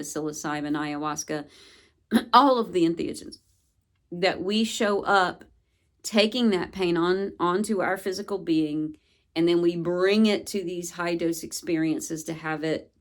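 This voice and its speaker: A woman vlogger recounting a personal experience in an earnest, searching way, with slow phrasing and many pauses. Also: fairly low pitch.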